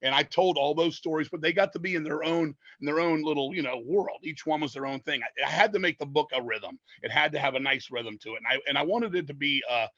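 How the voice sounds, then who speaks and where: A man's voice: a little high, quick pace, hardly any pauses, pushed and bright, no echo, lo-fi sound. A man on a podcast telling long, profane, rambling stories in a casual way. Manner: profane, rambling, lots of swearing. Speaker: podcast guest, metal singer. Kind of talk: casual storytelling.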